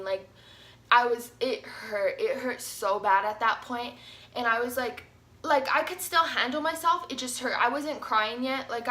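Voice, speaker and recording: A young woman tells a story to her viewers in a loose, chatty way, full of "like" and "you guys." Her voice sits a little high and sounds bright and forward. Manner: chatty, animated, says "like" often. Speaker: vlogger. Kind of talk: casual storytime.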